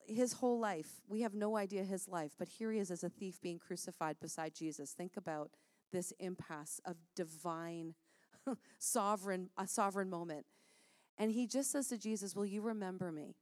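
A woman speaking earnestly and warmly in a conversational Christian talk, laughing often as she encourages listeners. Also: fairly low pitch, normal speed, dry recording, studio quality.

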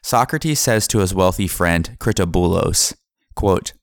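Low, gravelly male history narrator. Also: lively intonation, dry recording, clean studio sound. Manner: measured, reading from a script. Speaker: history podcast host.

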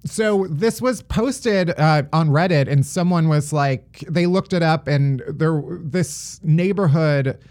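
A man co-hosting a comedic news podcast, wry and quick to laugh. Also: fairly high pitch, a little mellow. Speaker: podcast co-host.

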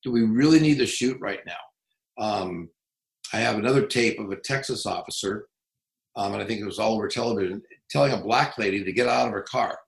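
A middle-aged man working as a police trainer, telling stories in an interview in a blunt, profane, animated way. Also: lowish voice, a little fast, creaky, reverberant, poor audio. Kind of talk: casual interview storytelling.

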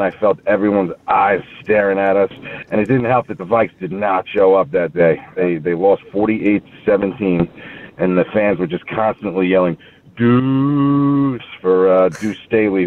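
A man's voice: low voice, far from the mic. A young man with a Long Island accent leaving a rambling voicemail story, full of fillers. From Long Island, New York. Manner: chatty storytelling with many fillers. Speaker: voicemail caller. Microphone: phone. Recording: tinny phone line.

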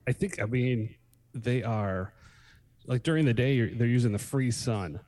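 A man co-hosting a casual podcast, speaking haltingly with restarts and fillers. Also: mid-range voice, lively intonation, darkish tone, no echo. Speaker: podcast co-host. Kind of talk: casual chat.

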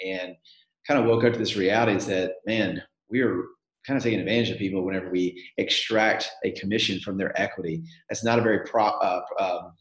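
Southern man, interview guest, lowish voice, echoey room. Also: steady tone, brisk, fairly bright tone. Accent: Southern American. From Nashville, Tennessee. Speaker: guest, real estate founder. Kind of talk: interview answers.

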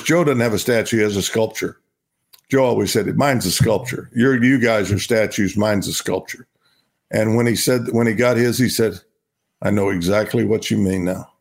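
An older man from Oklahoma, a guest telling stories in a relaxed interview, often repeating words as he goes. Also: mid-range voice, creaky. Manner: storytelling, repeats himself, warm laughs. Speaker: guest, retired baseball player.

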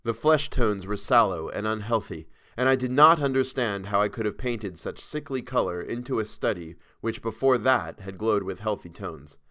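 A man reading a horror story aloud as a podcast narrator, measured and even with a dark dramatic weight. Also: lowish voice.

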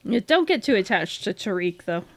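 A woman chatting casually about a book, unhurried, laughing often and throwing in salty asides. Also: medium pitch, sing-song, no room sound. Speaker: podcast co-host discussing a book. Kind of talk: casual chat.

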